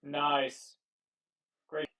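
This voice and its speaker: A man's voice: on the high side, monotone, drawn-out words, pushed and bright. A man hosting a live trading stream, talking casually and loosely with fillers and swearing, picked up on wireless earbuds. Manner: loose, profane, thinking aloud with fillers. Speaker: livestream trading host. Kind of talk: casual live market commentary. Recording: distant, thin earbud mic.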